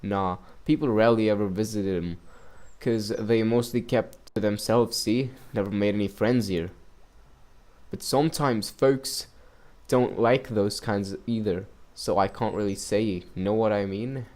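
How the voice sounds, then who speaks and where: A man voicing a gossipy middle-aged male neighbor in a game, attempting a rough Scottish-style accent. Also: lowish voice, steady tone, measured pace, darkish tone, close to an everyday voice. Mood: chatty.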